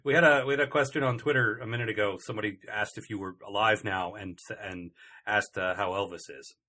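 A man's voice: lowish voice, fairly even intonation, fairly quick, sharp tone. A man co-hosting a comedy podcast, chatting casually in a rambling, self-interrupting way with dry, complaining humor. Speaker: podcast co-host.

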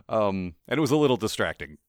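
Lively low-voiced man chatting. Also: dry recording, clean studio sound. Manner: chatty, laughs often, lively voice impressions. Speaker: podcast co-host. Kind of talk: casual chat.

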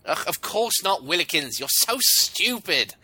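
A man putting on the voice of a haughty, condescending gentleman in a comedy radio sketch. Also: a little high, big pitch swings, measured pace, noisy background. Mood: bossy. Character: pompous, bossy upper-class British gentleman.

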